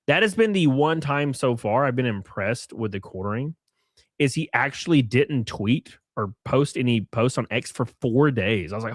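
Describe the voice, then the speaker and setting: A man's voice: medium pitch, expressive, moderate pace, no room sound, studio quality. A young man hosting a casual live stream, mocking and sarcastic, swearing freely and thanking viewers for gifted subs.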